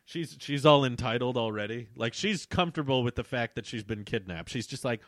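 A young man reading his old childhood book aloud and joking about it in an incredulous, animated way. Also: medium pitch, a little fast, few pauses, dry recording, clean studio sound. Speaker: video host.

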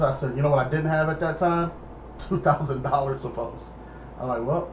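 A young man telling a casual story, animated and acting out the people in it. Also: on the high side, normal speed. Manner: animated, acts out voices in his story. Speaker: storyteller guest. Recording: echoey dull room with noise.

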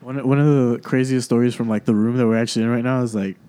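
A man's voice: medium pitch, steady tone, warm tone, clean tone. A young man jumping into a friend's story in casual chat, cursing and adding details. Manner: fast, chiming in, cursing.

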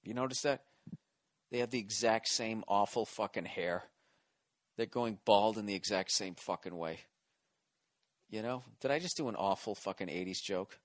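A man's voice: lowish voice, moderate pace, long pauses, no echo. Profane rambling male podcast host. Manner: profane, rambling and self-mocking. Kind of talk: solo comedic rant.

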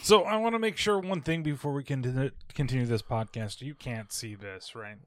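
A man's voice: mid-range voice, moderate pace. A man hosting a casual podcast, joking around, swearing freely and laughing often. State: hiccuping. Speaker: podcast host. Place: indoor studio setup.

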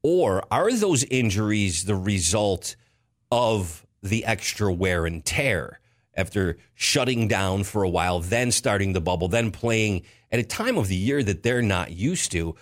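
Low-voiced male sports talk host, animated and opinionated. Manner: animated, jumps in pitch, rapid asides. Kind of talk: casual sports chat.

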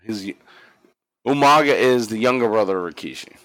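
There's no echo on this man's lowish voice, which moves at a moderate pace. A podcast co-host, he recaps a wrestling story in casual chat, profane and animated, acting out the quoted lines.

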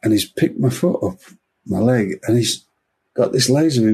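A man's voice: mid-range voice, expressive, moderate pace, warm tone, slightly rough. An older man with an English accent, chatting casually and telling anecdotes, laughing at his own jokes. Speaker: podcast guest storyteller.

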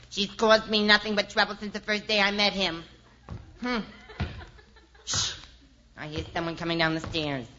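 A man's voice: high voice, heavy background noise. A man voicing a scheming, lovesick young woman in a 1950s radio comedy sketch, sobbing melodramatically. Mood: mock tragic. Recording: dull old radio broadcast with audience.

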